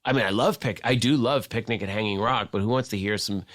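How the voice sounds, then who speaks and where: A man, a guest on the show, telling a casual anecdote in a fast, profane storytelling manner. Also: fairly low pitch, fairly bright tone.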